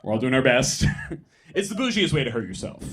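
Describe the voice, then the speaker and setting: A young man doing stand-up on a comedy club stage, talking into a handheld mic and delivering quick, deadpan punchlines. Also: mid-range voice, a little hiss or hum. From San Francisco. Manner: deadpan, quick punchlines, mock voices for bits.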